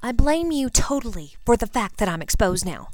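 A woman voicing a spirited, flustered teenage witch girl in a storybook reading, with a breathy, lifted voice. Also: fairly high pitch, sing-song, normal speed, a little mellow, no echo, pitched above the performer's own voice. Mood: gloomy.

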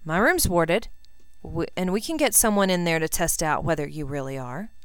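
A woman's voice: fairly low pitch, animated, normal speed, clean tone, dry recording, natural voice. A woman voicing a haughty teenage wizard boy in a storybook reading, speaking in a curt, clipped way. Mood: dry.

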